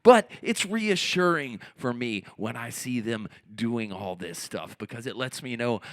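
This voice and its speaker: A middle-aged American man telling profane, animated stories to a live theatre audience, swinging between hushed asides and shouted outbursts. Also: mid-range voice, unhurried, hardly any pauses. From United States. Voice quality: gravelly. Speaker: spoken-word performer. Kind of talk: stand-up storytelling on stage. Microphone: handheld stage microphone.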